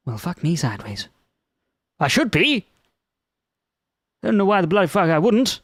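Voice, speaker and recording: Streamer, swears at an AI while coding live, lively pitch, dry close sound. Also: normal speed, dry recording. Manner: swears a lot at an AI chatbot, mutters and reads aloud; swings between low muttering and loud outbursts.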